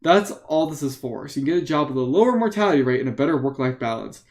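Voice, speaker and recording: A man's voice: mid-range voice, animated, fast talker, a little mellow. A man reading an interactive book aloud live for friends, playful with joking asides.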